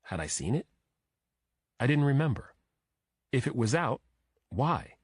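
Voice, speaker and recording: A man narrating a first-person crime thriller audiobook in a steady, measured way. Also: medium pitch, slightly rough, dry recording.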